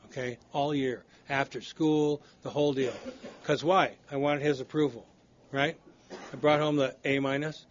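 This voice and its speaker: A man's voice: medium pitch, a little hiss or hum. An older man at a recovery study meeting, telling personal stories in a blunt, candid, self-deprecating way. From United States. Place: meeting room. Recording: dull lo-fi recording.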